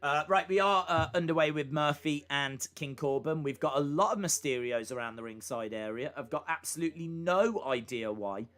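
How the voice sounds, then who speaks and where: A man's voice: fairly high pitch, moderate pace, few pauses, fairly bright tone. A man hosting a live reaction stream, chatting casually and rambling with fillers and asides between moments of commentary.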